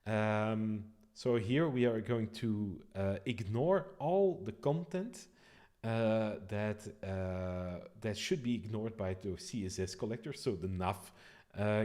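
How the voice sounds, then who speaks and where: Low-voiced man walking through code. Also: a little mellow. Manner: thinking aloud, frequent fillers and restarts. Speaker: developer streaming a code walkthrough. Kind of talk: live coding stream explanation.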